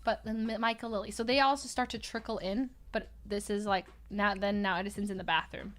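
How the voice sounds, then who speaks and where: A young woman chatting casually, telling an animated story, laughing often and acting out what others said. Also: medium pitch, a little fast. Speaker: podcast co-host.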